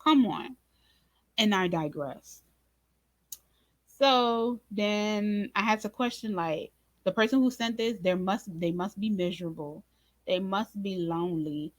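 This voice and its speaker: A woman hosting a casual recap of a drama episode, speaking to viewers in an informal, expressive way and acting out her own reactions. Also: mid-range voice, a little slow, no room sound. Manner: animated, talks to viewers as "y'all" and "baby"; acts out her own reactions in quoted asides. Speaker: reaction channel host.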